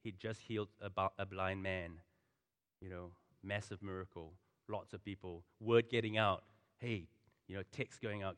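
A pastor giving a sermon in a conversational, animated way, full of asides and storytelling. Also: male voice, sits low, normal speed, clean tone. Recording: long hall reverb.

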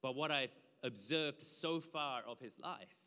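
A man preaching a conversational sermon with slides, emphatic at times and dropping low for asides. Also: a little slow, pushed and bright, clear, resonant tone. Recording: long hall reverb.

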